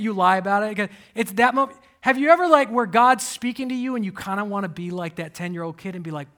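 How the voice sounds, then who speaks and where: A man in his thirties preaching a sermon, telling personal stories with animated swings and sudden soft asides. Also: high-pitched, fast talker, hardly any pauses. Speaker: pastor.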